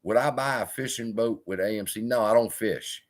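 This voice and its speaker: A man's voice: on the low side, normal speed. A man hosting a live investing stream, talking in a blunt, profane, storytelling way. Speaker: investing channel host.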